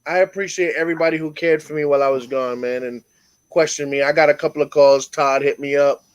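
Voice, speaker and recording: A man hosting a casual call-in chat show, animated and often laughing as he tells stories. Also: fairly high pitch, fast talker, clear, resonant tone. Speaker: host.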